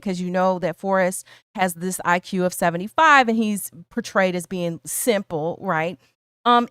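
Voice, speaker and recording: A woman's voice: medium pitch, dry recording, studio quality. A woman co-hosting a casual film discussion stream, posing prepared questions to her co-host and the chat with plenty of fillers like "you know.". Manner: chatty, poses prepared questions with many fillers.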